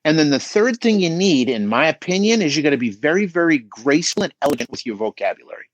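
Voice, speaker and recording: A man's voice: on the high side, sing-song, fast, no echo. A middle-aged man giving emphatic coaching advice on a podcast, often checking in with "right?". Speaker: business coach guest.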